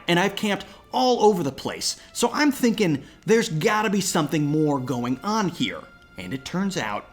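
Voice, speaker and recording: Animated man telling a ghost story. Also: fairly high pitch. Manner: dramatic, swings between hushed whispers and excited outbursts. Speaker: host and storyteller. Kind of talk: campfire ghost story narration.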